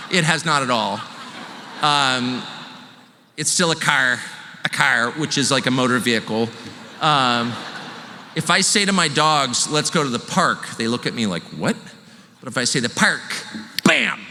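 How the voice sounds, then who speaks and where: A man's voice: fairly high pitch, bright, forceful tone. A man hosting a live show, talking to a crowd in a joking, self-deprecating way. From California. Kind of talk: stand-up style monologue to a live audience. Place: large venue with live audience. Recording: hall reverb, faint room noise.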